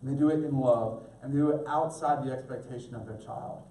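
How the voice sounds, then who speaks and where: A man's voice: mid-range voice, brisk, warm tone. A middle-aged male pastor preaching an earnest sermon, speaking directly to his congregation. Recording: echoey room, mic at a distance.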